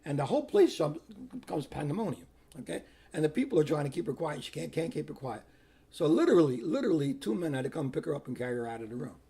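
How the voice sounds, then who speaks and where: An older man, a priest telling personal stories in an animated way, acting out what people said. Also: on the high side, fast, gravelly, breathy edge. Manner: animated, repeats himself, acts out quotes. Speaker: Catholic priest. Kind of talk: personal storytelling.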